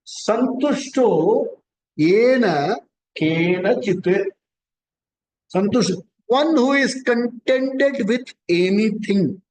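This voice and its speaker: A man with a notably high voice leads a scripture talk. He explains patiently, circling back to repeat his key points. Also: animated, extremely slow, darkish tone, rough recording. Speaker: spiritual teacher. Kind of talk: scripture discourse.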